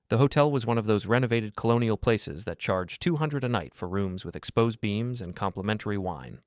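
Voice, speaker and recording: A man narrating a first-person story in a calm, even, measured way. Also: fairly low pitch, dry recording, studio quality.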